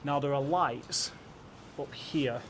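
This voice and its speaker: Young British travel vlogger, British English accent, gushing and chatty to camera, mid-range voice, light ambient noise. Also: male voice, mid-range voice, slow. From Britain. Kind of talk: casual vlog to camera. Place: rented apartment and balcony, partly outdoors.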